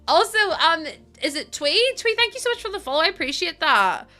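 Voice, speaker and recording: A woman's voice: extremely high pitch, sing-song, a little fast, pushed and bright, soft background music. A woman, chatting casually on a live stream as she builds in a game, tired from little sleep and rambling with fillers and laughs.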